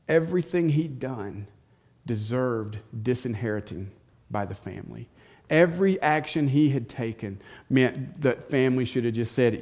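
A male pastor preaching a sermon, telling a story with animated, dramatic delivery. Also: mid-range voice, a little slow. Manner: animated storytelling, acting out the scenes.

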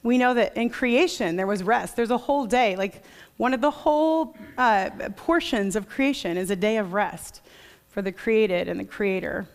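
A woman preaching a sermon to a congregation in a conversational way, reading scripture quietly and reflectively. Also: a little high, moderate pace.

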